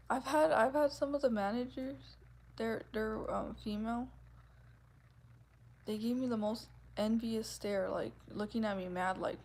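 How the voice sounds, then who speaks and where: A woman in her twenties chatting casually with her viewers, with a soft, gentle voice and a giggly, rambling way of talking that is full of "like". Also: fairly high pitch, a little slow, long pauses. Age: 20s. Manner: chatty, giggly, fills speech with "like". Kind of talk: casual livestream chat.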